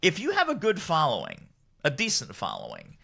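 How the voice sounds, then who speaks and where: Middle-aged guy with a bright, forceful voice, super animated, jumps way up in pitch doing other people's lines. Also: a little fast, vocal fry. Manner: lively, acts out quotes with big pitch jumps, laughs often. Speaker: guest, author and business strategist. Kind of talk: animated storytelling in podcast chat.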